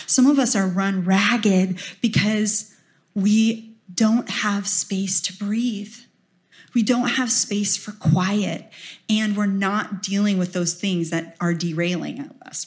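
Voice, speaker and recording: Female preacher, 40s, casual sermon delivery: earnest, talks to the crowd like friends, quiet confiding stretches that build to urgent pushes. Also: mid-range voice, measured pace. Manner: conversational and earnest, often dropping soft then rising with urgency. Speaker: speaker at a Christian teaching talk. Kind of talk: informal sermon.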